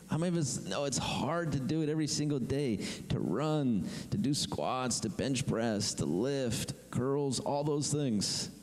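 A man preaching a sermon to his congregation, animated and conversational, acting out the complaints of the people he talks about. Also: on the high side, in a large hall, low-quality recording. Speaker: pastor.

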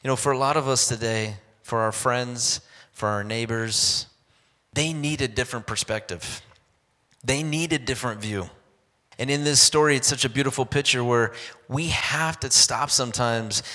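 A man preaching a sermon, telling a Bible story in an animated way and acting out the characters' lines. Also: mid-range voice. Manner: animated storytelling with acted-out quotes. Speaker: pastor. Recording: long hall reverb.

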